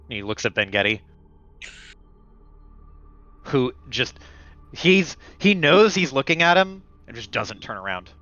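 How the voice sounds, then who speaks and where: A man's voice: medium pitch, very animated, measured pace, long pauses, bright, forceful tone, faint music behind. A man narrating as game master of a tabletop role-playing game, casual and rambling. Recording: dull lo-fi stream mic.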